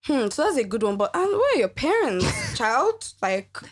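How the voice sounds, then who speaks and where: Young woman on a podcast, bit high voice, lively and laughy, keeps restarting lines. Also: normal speed. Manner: animated, laughs often, many restarts. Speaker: podcast guest. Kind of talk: casual chat.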